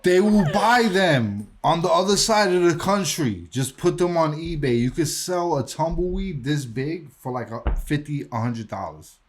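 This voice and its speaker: A man from New York telling excited stories in casual chat, acting out his own reactions and swearing freely. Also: fairly high pitch, unhurried, few pauses, slightly rough. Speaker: podcast host.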